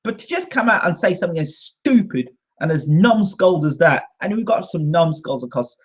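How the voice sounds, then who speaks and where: Speaking a little fast, the British man's fairly high voice is expressive and slightly rough. Hosting his own channel, he rants to camera with indignant combativeness and repetition, and the recording is dull lo-fi.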